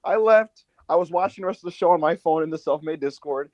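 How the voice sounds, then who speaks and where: A man co-hosting a casual wrestling podcast, telling a long story with lots of swearing and high mock voices for the people in it. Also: fast talker, no echo, muffled recording. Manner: animated storyteller, swears a lot, acts out others in high put-on voices. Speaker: podcast co-host.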